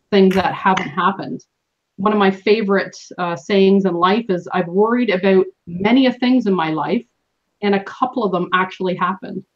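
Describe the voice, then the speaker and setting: A woman's voice: mid-range voice, darkish tone. A woman from Canada hosting a team call, giving earnest coaching advice with some fillers. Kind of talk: motivational team call talk. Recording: dull lo-fi call audio.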